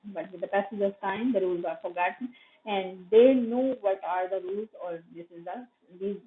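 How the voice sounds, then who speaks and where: A woman's voice: medium pitch, normal speed. A woman from Pakistan with a Pakistani English accent, giving a recorded university lecture, explaining terms, repeating them and correcting herself with fillers. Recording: tinny phone-like audio.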